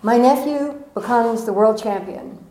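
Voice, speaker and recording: A woman's voice: a little high, a little slow. A woman giving an inspirational talk to a live audience, telling stories with playful asides. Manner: storytelling, animated, playful asides. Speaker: motivational speaker. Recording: echoey room.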